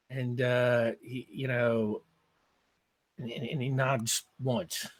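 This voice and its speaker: Halting man narrating as game master. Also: medium pitch, little pitch movement. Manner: halting, stacks repeated words and fillers.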